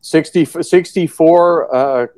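A man's voice: on the high side, takes it slowly, darkish tone. A man co-hosting a political chat show who talks sarcastically and rambles with many fillers. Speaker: show host.

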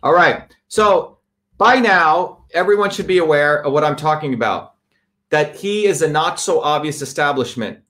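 Emphatic man with a slightly high voice. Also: lively intonation, normal speed, sharp tone. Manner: emphatic and repetitive, builds with lists. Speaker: speaker addressing a live audience. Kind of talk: impassioned political talk.

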